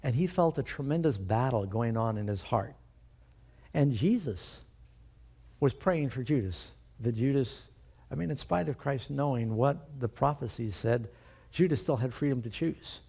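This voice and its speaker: A man's voice: mid-range voice, expressive, a little slow, gravelly, mellow, husky. A male pastor preaching a sermon, emphatic and putting rhetorical questions to his congregation.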